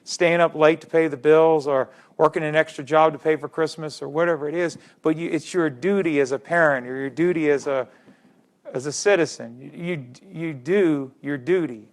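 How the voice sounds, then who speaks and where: A man's voice: fairly high pitch, fairly even intonation, normal speed. A middle-aged man giving a public history lecture, stressing key words by repeating them and putting questions to his audience.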